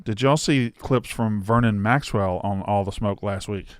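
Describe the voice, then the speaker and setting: A man's voice: on the low side, normal speed, clean tone, no echo, studio quality. A man co-hosting a casual sports podcast, emphatic and stumbling over restarts when worked up. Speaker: podcast co-host.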